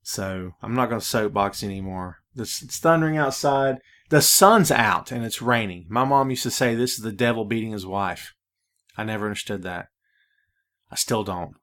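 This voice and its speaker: A man's voice: on the low side, moderate pace, fairly bright tone. Man, podcast host, casual solo monologue, laid-back, slightly preachy. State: out of breath.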